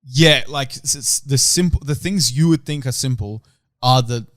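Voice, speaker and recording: A man's voice: medium pitch, normal speed, a bit bright, no echo, clean studio sound. A young man co-hosting a podcast, rambling and swearing in casual chat, often trailing off at the end of phrases. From Australia. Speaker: podcast co-host.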